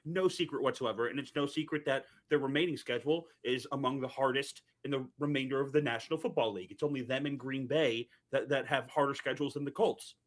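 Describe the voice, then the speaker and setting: A man talking sports in casual chat, earnest and measured about his team. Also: mid-range voice. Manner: measured, earnest fan analysis.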